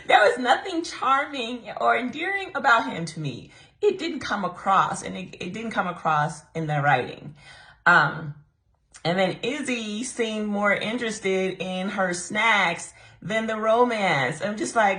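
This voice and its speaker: A young woman giving a casual, animated book review, laughing often and mocking the characters in put-on voices. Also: medium pitch, a little slow.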